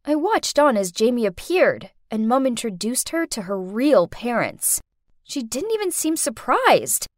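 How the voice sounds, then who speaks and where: A woman's voice: fairly high pitch, sing-song, a little slow, dry recording, clean studio sound. A woman narrating a first-person story as an exasperated teenage girl, with a dramatic delivery.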